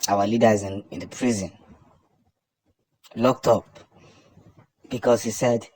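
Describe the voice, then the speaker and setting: A man with a Nigerian accent giving impassioned political commentary, emphatic and repetitive, building up to loud declarations. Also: fairly low pitch, fairly even intonation, measured pace.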